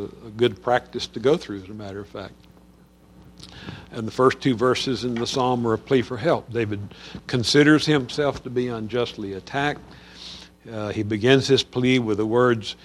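A man's voice: mid-range voice, a little hiss or hum. A man teaching a Bible study on a Psalm in a conversational way, with frequent fillers and restarts.

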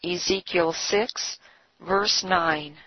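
A woman giving a scripted devotional reading with measured, deliberate phrasing, on a dull, slightly lo-fi recording. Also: fairly low pitch, husky, no echo. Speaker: devotional reader.

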